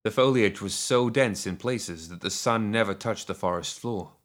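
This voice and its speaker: Male audiobook narrator with a somewhat low voice; steady, measured reading of a dark western fantasy.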